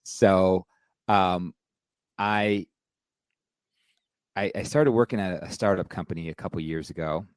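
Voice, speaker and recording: A man's voice: deep voice, a little slow, pauses often, clear, resonant tone, dry recording. A middle-aged man speaking candidly and reflectively as a podcast guest, with lots of fillers. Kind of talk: casual interview chat.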